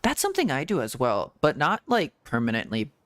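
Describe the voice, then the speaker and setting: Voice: medium pitch, huge pitch swings, fairly quick, fairly bright tone, no echo, studio quality. A VTuber streamer chatting casually and rambling through a game stream, full of "like"s, restarts and giggles. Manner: rambling, filler-heavy talk with many "like"s and restarts; frequent giggling. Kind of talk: casual gaming stream chat.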